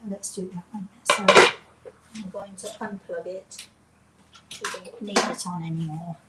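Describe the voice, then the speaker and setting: A woman's voice: fairly low pitch, fairly even intonation, unhurried, very noisy. A woman with an English accent hosting a casual home cooking demonstration in her kitchen, chatting in a rambling way and making self-deprecating asides. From England. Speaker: cooking show host.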